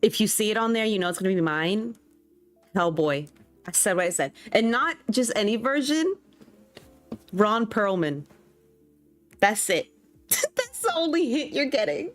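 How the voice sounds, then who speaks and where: A woman's voice: mid-range voice, big pitch swings, unhurried, pauses often, faint music behind. A young woman streaming and chatting casually with her viewers. She reacts to chat and laughs often.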